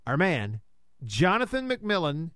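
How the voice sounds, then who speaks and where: A man hosts radio from a studio, easing through live ad reads with homespun jokes. His voice sits a bit high for a man. The sound is close and dry. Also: wildly swooping pitch, slow, fairly bright tone, clear, resonant tone, dry recording. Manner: folksy, joking asides. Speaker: sports radio host reading live ads. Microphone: studio microphone.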